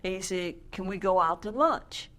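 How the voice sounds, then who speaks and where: This interview host speaks a little slowly in a mid-range, slightly bright voice. She's chatty, swaps in anecdotes of her own, and keeps asking "right?" to check in.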